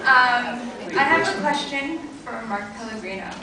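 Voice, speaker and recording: A woman's voice: a little high, moderate pace, very noisy. A woman fan asking a panel a question, nervous and giggly, rambling as she goes. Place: large convention hall. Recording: echoey hall, mic far off, loud crowd.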